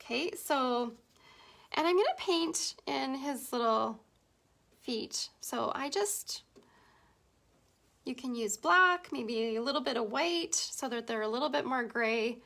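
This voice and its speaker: Bright high-voiced Canadian woman teaching painting. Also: lively intonation, slow, creaky. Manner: chatty, giggly, talks to viewers while painting. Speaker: painting instructor. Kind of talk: casual live painting tutorial.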